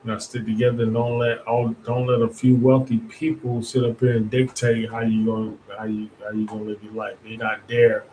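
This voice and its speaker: A man talks in a relaxed, rambling monologue as host of his own show. His voice sits at an ordinary middle pitch, and his colloquial phrasing loops back on itself. A faint noise floor runs under the recording. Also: brisk, few pauses, poor audio. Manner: conversational, rambling with restarts, colloquial Southern-tinged speech. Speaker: podcast host. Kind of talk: casual political monologue.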